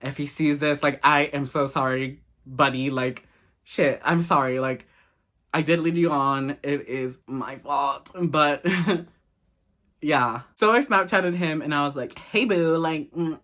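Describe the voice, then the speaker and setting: A man's voice: a little high, takes it slowly, bright, forceful tone. Profane, chatty young man telling a story. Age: late teens. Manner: candid, profane, gossipy storytelling. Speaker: vlogger. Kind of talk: casual story time.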